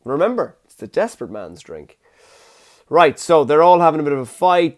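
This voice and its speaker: A man's voice: fairly high pitch, very animated, normal speed. A young man hosting a casual, rambling solo podcast alone in his room, recorded on his phone. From Ireland. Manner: jokey, rambling, self-deprecating. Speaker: podcast host.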